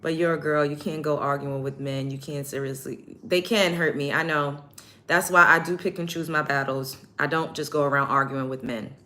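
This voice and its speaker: A low-pitched woman speaking in a forceful, bright tone on a casual get-ready-with-me stream. She talks bluntly to her chat. She drives her points home by repeating them. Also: fairly even intonation, moderate pace. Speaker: show host.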